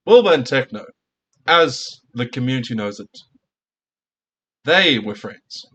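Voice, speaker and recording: A man's voice: mid-range voice, animated, a little slow, fairly bright tone, slightly rough. A male streamer in a casual reaction rant, heated and profane, firing off rhetorical questions at his viewers.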